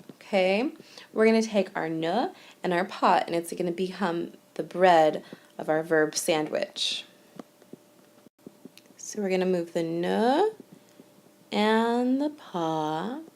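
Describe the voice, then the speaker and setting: A woman narrating a recorded lesson as a teacher, explaining step by step in a patient, plain way. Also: mid-range voice. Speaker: French teacher.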